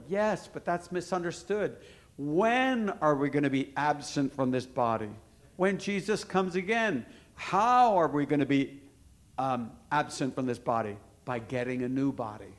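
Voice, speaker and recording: A man's voice: fairly high pitch, lively intonation, unhurried. A man preaching a sermon to a congregation, emphatic, asking questions and answering them himself.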